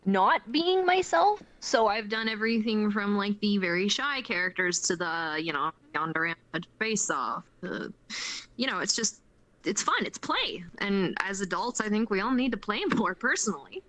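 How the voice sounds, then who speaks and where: A woman's voice: mid-range voice, lively intonation, normal speed, bright, forceful tone, low-quality recording. A young Canadian woman as a guest on a streamed interview, chatting in an upbeat, earnest way and laughing often. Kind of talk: casual chat.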